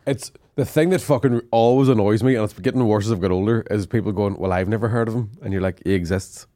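A man's voice: lowish voice, fast talker, mellow, no room sound. A man with a Northern Irish accent, a comedian co-hosting a podcast, talking casually with heavy swearing and dry mock insults. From Northern Ireland.

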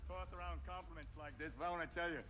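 A man's voice: fairly high pitch, fairly even intonation, rapid-fire, sharp tone, a little hiss or hum. An actor playing a hateful right-wing male villain, heard in a film clip. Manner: hateful speech-making. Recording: clip from a film soundtrack with music.

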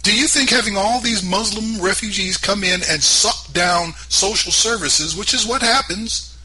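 Guy ranting on his commentary show, sarcastic, lots of rhetorical questions, sharp bright tone. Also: sits high, moderate pace, a little hiss or hum, low-quality recording. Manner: emphatic, fires off rhetorical questions; sarcastic, mocking asides. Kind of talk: opinionated political commentary monologue.

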